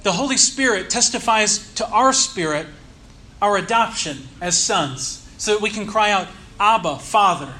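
A man preaching a sermon, teaching earnestly and leaning slowly on key words. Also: high voice, animated, sharp tone. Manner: earnest teaching tone with slow emphatic stresses. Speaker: pastor.

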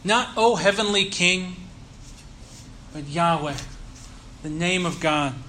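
A man preaching a sermon, teaching earnestly and leaning slowly on key words. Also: sits high, bright, forceful tone, a little hiss or hum. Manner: earnest teaching tone with slow emphatic stresses. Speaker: pastor.

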